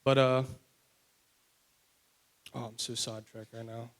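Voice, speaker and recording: Young man, from West Virginia, personal testimony, candid and rambling, medium pitch. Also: flat delivery, unhurried. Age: young adult. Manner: rambling, candid storytelling with many fillers. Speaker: testimony speaker.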